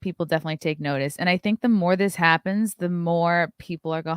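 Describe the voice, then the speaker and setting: Lowish-voiced woman rambling thru clips on her show, dry sound, swears some. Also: fairly even intonation, fast talker, few pauses, clear, resonant tone, no echo. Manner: chatty, swears casually. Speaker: commentary show host. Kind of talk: casual commentary while playing clips.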